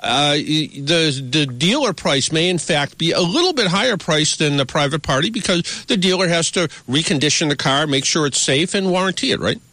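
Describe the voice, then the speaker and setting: A man's voice: a little high, lively intonation, moderate pace, few pauses, pushed and bright, no echo. Chatty man hosting a car radio show. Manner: chatty, rambling with many "you know" fillers. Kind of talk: casual radio interview.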